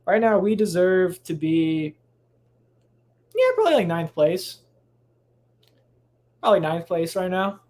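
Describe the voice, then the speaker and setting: A man's voice: sits high, expressive, a little slow, long pauses, darkish tone. Rambling, cursing male podcast host. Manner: rambling and profane, many restarts and tangents. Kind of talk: casual solo podcast rant. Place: home, recorded late at night.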